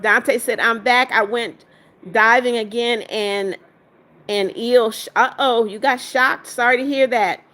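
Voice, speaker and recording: A woman's voice: fairly high pitch, steady tone, a little slow, pushed and bright. Woman, livestream host, casual chat, reads comments aloud, firm with trolls.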